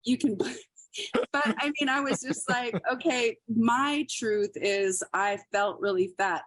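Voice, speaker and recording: A woman's voice: a little high, slow pace, a bit bright, no echo. Lady comedian on a podcast, storytelling, lots of laughs, dry mic. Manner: chatty, laughs often, acts out quotes. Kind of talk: casual interview storytelling.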